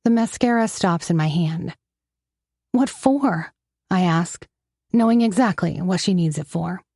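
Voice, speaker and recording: A woman narrating a romance audiobook in the first person, with steady, wry storytelling on a close mic. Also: lowish voice, normal speed, vocal fry, no echo.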